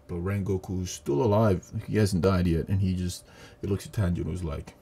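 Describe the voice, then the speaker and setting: Low dark-voiced man ranting a review. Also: brisk, creaky, slightly rough. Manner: profane, animated retelling with acted quotes. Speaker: video reviewer. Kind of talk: casual movie review. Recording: audio static.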